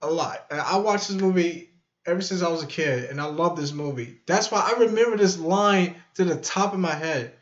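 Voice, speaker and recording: A man's voice: a little high, normal speed. Man vlogger, rambling musing delivery, echoey room. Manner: rambling, musing, repeats himself. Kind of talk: casual chat to camera. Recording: echoey room, dull lo-fi sound.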